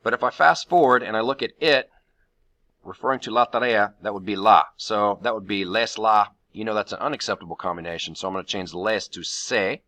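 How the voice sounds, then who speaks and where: A man's voice: lowish voice, a little fast, bright, forceful tone. A man teaching a Spanish grammar lesson to his class, explaining each step patiently and counting syllables aloud.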